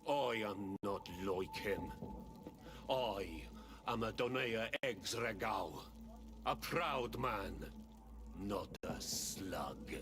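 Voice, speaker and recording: Stern proud village chief, welsh-ish lilt, low voice, talks real slow. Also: male voice. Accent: Welsh-tinged lilt. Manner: stern, scornful, slow and deliberate. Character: proud, hostile native village chief, man. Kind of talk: video game dialogue.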